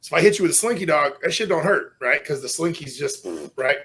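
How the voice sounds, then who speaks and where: A middle-aged man, a strongman guest on a podcast, telling stories casually with lots of swearing and loud self-mocking outbursts. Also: a little high, animated, quick pace.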